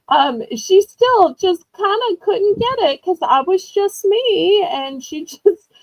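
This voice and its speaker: A woman hosts a live online auction, chatting in a rambling storytelling way and laughing often as she sells. Her voice is fairly high pitched. The sound is lo-fi but has no echo.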